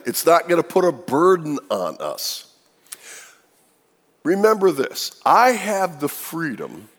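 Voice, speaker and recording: A man preaching a sermon as pastor, talking in an animated way with many rhetorical questions. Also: on the high side. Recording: reverberant hall.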